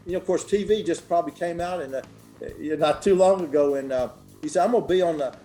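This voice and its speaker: A man's voice: on the high side, quick pace, dark tone, faint music behind. An older man telling stories as an interview guest, chatty and folksy with many fillers and restarts. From Memphis, Tennessee. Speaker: guest clothier. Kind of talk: casual storytelling interview.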